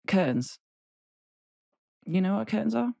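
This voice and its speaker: A woman's voice: mid-range voice, sing-song, measured pace, creaky, warm tone, dry recording. An English woman in her thirties co-hosting a podcast, chatting casually with lots of fillers and dry teasing humour. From England. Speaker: podcast co-host, golf broadcaster. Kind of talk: casual chat.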